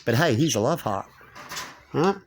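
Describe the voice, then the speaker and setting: A man's voice: mid-range voice, lively intonation, normal speed, a little hiss or hum. A man delivering a rambling monologue to his channel, constantly tagging his points with a rhetorical "right?". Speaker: channel host. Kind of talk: ranting monologue to camera.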